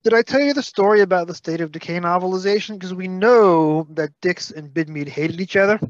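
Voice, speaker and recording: Brooklyn-accented male co-host, brisk trivia-heavy chat, dull close recording. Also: high voice, no room sound. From Brooklyn, New York. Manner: detailed, fact-heavy, playfully scolding. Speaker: podcast co-host. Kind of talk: casual podcast chat.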